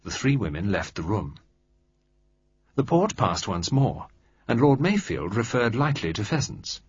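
A man narrating an audiobook in a steady, measured reading style. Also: fairly low pitch, slightly rough. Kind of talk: scripted narration. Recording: dry, slightly dull recording.

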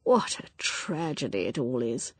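A woman voicing a composed woman speaking gently and quietly. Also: extremely low pitch, big pitch swings, measured pace, husky, dry recording, pitched below the performer's own voice, full character voice. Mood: subdued.

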